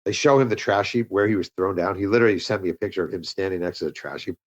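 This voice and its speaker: A man with a somewhat low voice tells a story as a podcast guest. He moves quickly through the events and slips into the voices of the people he quotes, lifting his tone for their lines. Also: muffled recording. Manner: animated storyteller, acts out quoted dialogue. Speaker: author and guest. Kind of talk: conversational storytelling interview.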